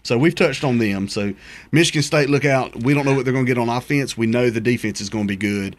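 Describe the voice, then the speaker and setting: A man co-hosts a sports chat with a relaxed, confident delivery. He leans on slang and speaks at an ordinary middle pitch. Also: fast, slight background noise. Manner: laid-back, confident opinions with slang. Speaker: sports talk show co-host.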